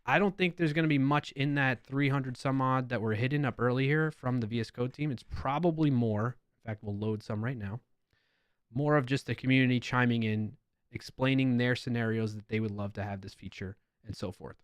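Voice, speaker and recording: Streamer host, New York accent, mid-pitched man, chatty and wry, close dry mic. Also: a little fast, smooth, dry recording. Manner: chatty, reads comments with playful emphasis and laughs. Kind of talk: casual live-stream commentary reading comments aloud.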